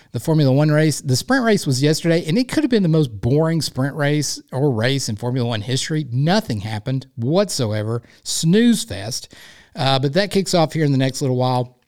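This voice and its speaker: A man hosting a solo sports podcast, rambling in a folksy, playful way. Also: fairly high pitch. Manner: rambling, folksy and playful, warmly effusive sign-off. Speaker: podcast host. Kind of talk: casual solo podcast monologue.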